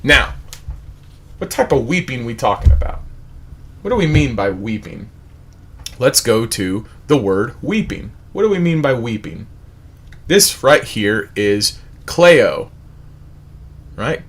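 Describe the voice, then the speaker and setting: A man's voice: mid-range voice, husky. A man leading a livestreamed Bible study, asking repeated rhetorical questions and reading out word definitions. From United States. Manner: animated, repetitive rhetorical questions, reads word definitions aloud.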